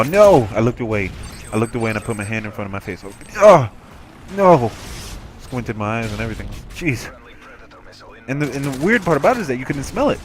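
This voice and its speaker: A man chatting over gameplay in an easy, rambling way, stumbling and restarting as he tells his story. His voice sits at an ordinary male pitch, with faint background noise under the recording. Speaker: gameplay commentator. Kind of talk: casual game commentary storytelling.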